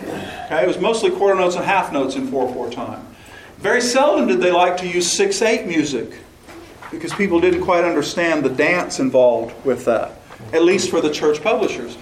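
Man, choral workshop leader, slightly high voice, echoey room. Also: animated, moderate pace, a little hiss or hum. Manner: explains with questions, sings short phrases to demonstrate. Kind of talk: teaching a workshop session.

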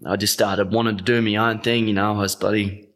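Speaking fairly low, flat and brisk with a slightly bright tone, a young Northern Territory Australian shares a heartfelt story as a guest in a relaxed interview. His voice catches as he gets choked up, and he rambles with many fillers.

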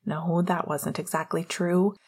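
A woman narrating a romantic story in a soft, hushed, gentle reading. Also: lowish voice, flat delivery, measured pace, slightly rough. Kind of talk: audiobook reading of fan fiction.

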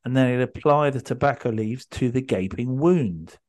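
A man's voice: medium pitch, normal speed, darkish tone. A man hosting a podcast, telling a story in a rambling way with many ums and restarts. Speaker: podcast host. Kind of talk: casual podcast chat.

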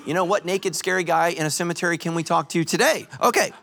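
A male pastor giving a sermon at a church service, joking and telling animated stories. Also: on the high side, fast talker, gravelly. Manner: animated, joking, storytelling preacher.

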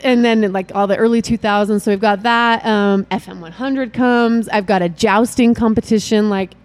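A woman's voice: medium pitch, fairly even intonation, moderate pace. A middle-aged woman, a mother, chatting as an interview guest in a bubbly, rambling way, often laughing. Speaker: guest, event organizer and mother. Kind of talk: casual interview chat.

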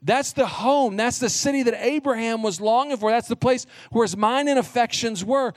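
A man's voice: very high-pitched, moderate pace, no room sound, studio quality. A middle-aged man preaching a sermon as a pastor, earnest and emphatic, stressing short repeated phrases.

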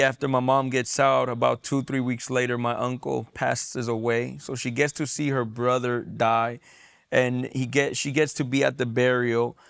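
Gravelly young man telling his story. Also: medium pitch. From San Diego, USA. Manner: earnest, repeats words when emotional. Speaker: testimony guest. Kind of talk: personal testimony storytelling.

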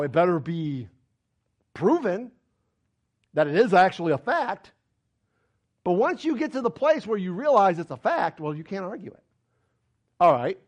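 Male pastor, sermon, emphatic, high pitched, very lively delivery. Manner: emphatic, argumentative, rhetorical questions.

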